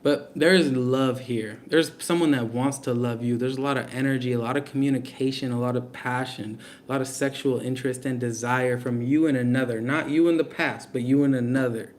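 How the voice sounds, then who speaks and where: A man's voice: medium pitch, steady tone, a little fast, few pauses, slight background noise. A young man giving a casual live tarot reading, blunt and slangy, talking straight to his viewers. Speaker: tarot reader.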